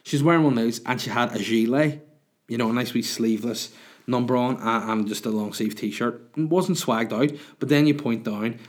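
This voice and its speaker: A man in his thirties, a podcast host, telling a rambling, crude, self-mocking story in casual monologue. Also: medium pitch.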